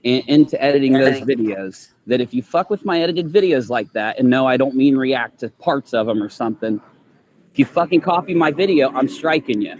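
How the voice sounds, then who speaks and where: A man's voice: medium pitch, animated, brisk, a little mellow, slight background noise, low-quality recording. A man with an Ohio River Valley accent ranting in a clip, blunt, profane and threatening. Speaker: YouTuber in a played clip.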